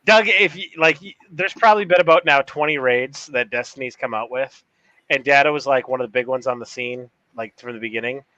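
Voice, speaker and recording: A man's voice: mid-range voice, fairly quick, pushed and bright, no echo, muffled recording. A man in easy, laid-back conversation on his podcast, steering toward final thoughts. His voice sits in a middle range. The sound is dry and close, with no room around it. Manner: laid-back, wraps up segments. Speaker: podcast co-host. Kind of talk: casual chat.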